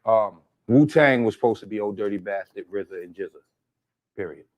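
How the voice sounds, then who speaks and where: A man in a played interview clip, telling stories in relaxed street slang. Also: fairly low pitch. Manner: laid-back street slang, quick. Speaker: interviewed musician.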